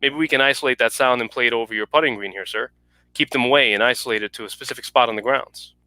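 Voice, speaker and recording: Earnest male official, read by a man, polite, quick. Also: mid-range voice, bright, forceful tone, no room sound, low-quality recording. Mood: businesslike. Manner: polite, businesslike.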